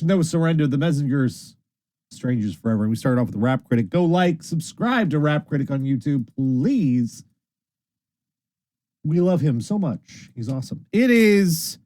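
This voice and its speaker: Lively, tired male stream host. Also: fairly high pitch, dry recording, clean studio sound. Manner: lively, rambling, swears casually. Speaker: internet radio host. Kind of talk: casual late-night stream chat.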